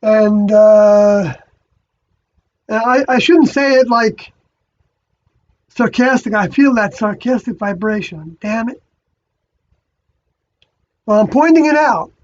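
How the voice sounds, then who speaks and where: A speaker giving a rambling spiritual monologue, halting and often stopping to correct themself. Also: medium pitch, a little mellow. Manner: halting, many fillers and restarts, self-correcting. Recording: dull lo-fi recording.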